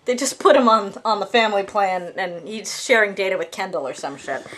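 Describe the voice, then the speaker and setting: A woman's voice: medium pitch, fairly quick, a bit bright, slight background noise. A woman co-hosting a casual reaction chat, wry and talkative, riffing jokes while an episode plays.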